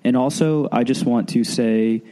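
A man's voice: medium pitch, a little slow, mellow. A man co-hosting a podcast in casual chat, a bit stuffy from a sinus cold, earnest and easygoing. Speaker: podcast co-host.

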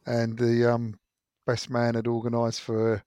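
A man telling a story on a podcast, haltingly, with many restarts. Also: medium pitch, monotone, darkish tone, smooth, no room sound, studio quality. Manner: hesitant, halting. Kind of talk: casual storytelling.

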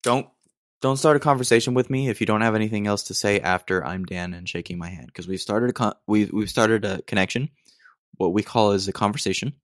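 A low-voiced American man rambles through a solo podcast rant. He digresses often and sounds mock-exasperated. The sound is dry and close, with no room around him. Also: steady tone, a little fast, dry recording. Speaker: podcast host.

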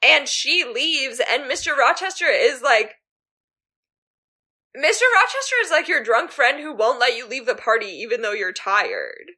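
A woman's voice: high voice, big pitch swings, measured pace, bright, forceful tone. A woman co-hosting a casual book podcast, chatty and full of 'like'. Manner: chatty, many fillers like 'like'. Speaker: podcast co-host.

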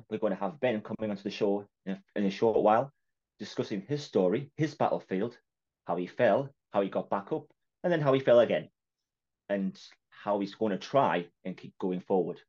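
A man's voice: fairly low pitch, a little mellow, highs cut off. A man with a Geordie accent hosting a podcast, chatting casually, laughing often and acting out little quotes. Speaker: podcast host. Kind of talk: casual chat.

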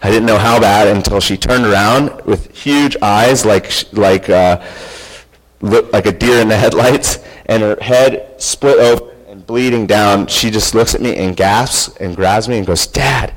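Man, thirties, low voice, earnest storyteller, conversational, acts out quotes. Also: measured pace, rough recording. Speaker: speaker telling a personal story. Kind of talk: storytelling talk.

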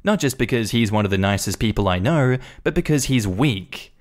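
A man voicing a kind, easygoing farmer neighbor who speaks calmly and reassuringly. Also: on the low side, moderate pace, natural voice.

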